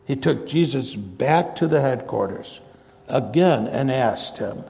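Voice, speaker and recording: A man's voice: medium pitch, measured pace, creaky, dark tone, big-room sound. A man preaching a sermon, walking through a Bible passage verse by verse and paraphrasing the dialogue in his own words. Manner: expository Bible teaching, paraphrasing scripture.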